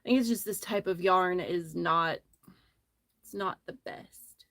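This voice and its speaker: A woman's voice: fairly low pitch, a little slow, vocal fry, a bit bright, dry recording. A woman hosting a casual crochet livestream from her phone, telling a rambling, friendly story as she works. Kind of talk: casual chat while crocheting.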